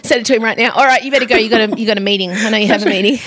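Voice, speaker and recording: A woman's voice: a little high, racing, fairly bright tone, no echo. A woman hosting a podcast, teasing and giggling through a casual chat. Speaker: podcast host.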